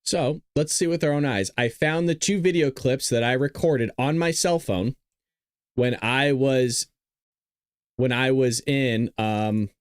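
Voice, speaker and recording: A man's voice: mid-range voice, clear, resonant tone, dry recording, clean studio sound. A man hosting a podcast, talking casually and rambling to viewers while he plays his own video clips. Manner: rambling, talks straight to viewers. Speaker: podcast host.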